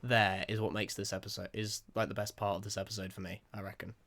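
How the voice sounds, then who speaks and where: A man giving casual, rambling reaction commentary, excitable and quick to laugh. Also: on the low side. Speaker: video reactor.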